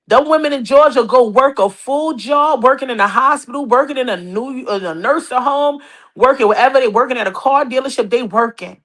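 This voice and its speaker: A woman's voice: high voice, brisk. Brash New York woman dishing gossip. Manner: brash, animated, profane, mocking. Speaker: podcast host. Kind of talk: casual gossip commentary.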